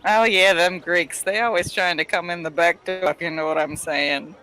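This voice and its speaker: A woman's voice: lowish voice, steady tone, moderate pace, sharp tone, soft background music, poor audio. A player voicing a sassy, flirtatious woman adventurer in a tabletop game, with slangy, teasing talk.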